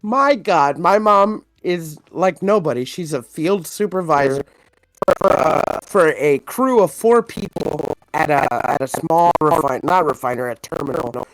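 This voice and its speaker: A podcast co-host telling a story in casual chat, animated and profane, laughing often. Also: mid-range voice, unhurried, no echo.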